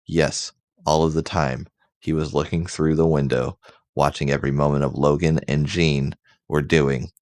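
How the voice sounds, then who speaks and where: A man hosting a mock-dramatic comedy reading, reading haltingly and stumbling over words. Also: very deep voice, fairly even intonation, a little mellow, dry recording. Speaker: host reading comic fiction aloud.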